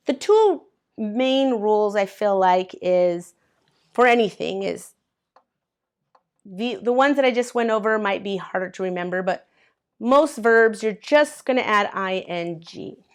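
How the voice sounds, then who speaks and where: A medium-pitched, animated woman with a clear, resonant tone speaks a little slowly. She's an ESL teacher at a colorful board, leading an English grammar lesson where she patiently spells out letters and claps out syllables for her learners.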